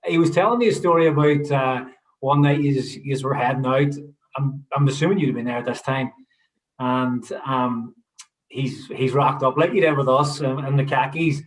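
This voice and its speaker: A man with a mid-pitched voice co-hosts a podcast. He tells stories in a loose, joking manner. The sound has a roomy echo. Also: normal speed. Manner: storytelling, loose and jokey. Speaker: podcast co-host. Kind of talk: casual podcast conversation.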